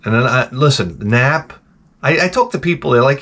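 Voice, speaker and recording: A man's voice: medium pitch, expressive, moderate pace, a bit bright. Profane middle-aged man ranting. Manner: profane, exasperated grumbling. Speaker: show host. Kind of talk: casual ranting monologue.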